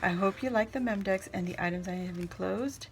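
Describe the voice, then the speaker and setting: A middle-aged woman hosting a casual crafting vlog, opening mail at home and gushing over each item, repeating her words when excited. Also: medium pitch, brisk, a little hiss or hum. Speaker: crafting channel host.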